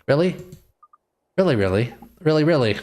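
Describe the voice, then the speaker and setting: A man voicing a gentle little fairy companion while reading game dialogue aloud. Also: on the high side, very animated, normal speed. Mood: eager.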